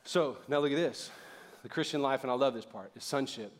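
A middle-aged male pastor preaching a sermon in a lively, conversational way, calling on the audience to respond. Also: mid-range voice, a little fast. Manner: casual, conversational asides.

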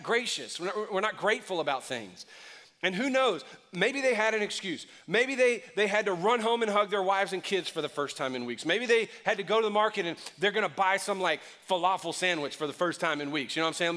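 Man, pastor, sermon, conversational and expressive, slightly high voice, long hall reverb. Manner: expressive, conversational preaching with acted quotes.

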